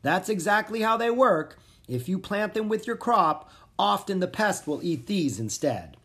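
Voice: medium pitch, lively intonation, unhurried, a bit bright, voice pushed up. A storybook reader voicing Nina, a friendly woman who explains gardening.

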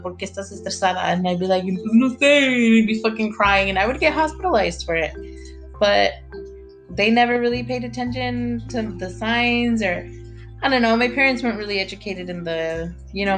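Young woman, candid vlog confession, foul-mouthed and rambling, mid-pitched. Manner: blunt, profane and rambling, with many fillers. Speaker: mother sharing her mental health struggles.

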